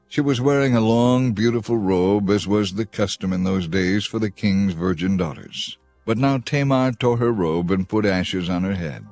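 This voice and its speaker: A man reading a scripted story aloud in a steady, measured storytelling manner. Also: on the low side, no room sound. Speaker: narrator. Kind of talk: scripted audiobook narration. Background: background music.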